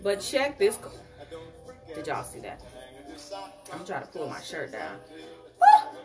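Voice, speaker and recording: A woman selling jewelry on a live stream, sassy and animated, calling her viewers honey. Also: sits low, unhurried, music in the background. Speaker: online jewelry seller.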